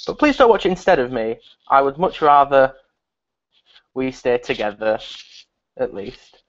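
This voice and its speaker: A man's voice: medium pitch, big pitch swings, measured pace, muffled recording. A man hosting a live stream from a relative's house, chatting to viewers in a rambling way. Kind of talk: casual live stream chat.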